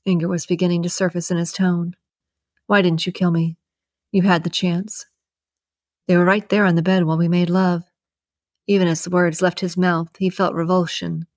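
A woman narrating a dramatic novel in a measured, even reading. Her voice sits low, and the recording is dry and close with no room sound. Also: no room sound. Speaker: audiobook narrator. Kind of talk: scripted narration.

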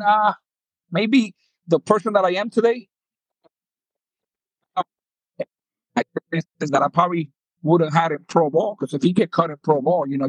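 His voice sits on the high side with a breathy edge: a man in his fifties from the Dominican Republic, carrying a New York accent, who used to play pro baseball. Interviewed as a guest, he tells animated stories, acts out quotes, and laughs often, in a rough recording with no echo.

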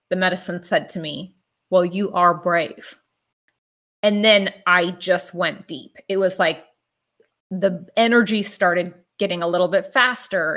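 Casual woman, slightly low voice. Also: a bit bright. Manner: casual and reflective, many filler "like"s. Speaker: storyteller. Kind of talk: personal storytelling.

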